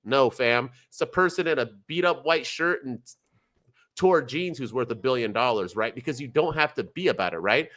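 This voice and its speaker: A male podcast co-host in casual chat, ranting with lots of energy and swearing freely. His pitch sits in the ordinary middle for a man and swings up and down as he vents. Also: normal speed. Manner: animated, profane, ranting, mocks others in quoted voices.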